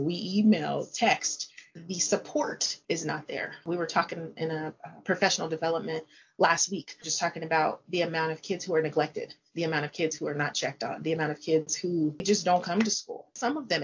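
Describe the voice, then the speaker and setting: A low-pitched middle-aged woman, a teacher, chats casually during an interview, bringing classroom conversations to life by acting out the dialogue. The audio is dull.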